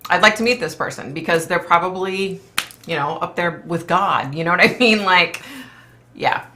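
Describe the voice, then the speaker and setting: A woman's voice: lowish voice, moderate pace, pushed and bright, slight background noise. A woman who is a psychic medium, hosting a casual live stream and rambling chattily, full of "like" and "you know.".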